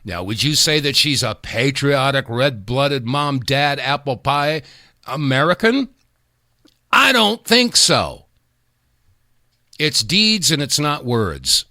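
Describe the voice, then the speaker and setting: A man hosting a talk radio show in a folksy, emphatic way, his pitch swinging up and down a lot. The sound is dry and close, with no room echo. He leans on his words and speaks straight to the listeners. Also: animated, a little slow, pushed and bright.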